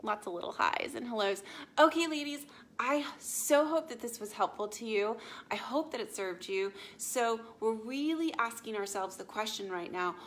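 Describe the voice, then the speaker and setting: A woman life coach speaking casually to viewers, often checking in with a quick "yeah?" or "okay?" and retelling stories with animated asides. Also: a little high, slight background noise. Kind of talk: casual live talk to viewers.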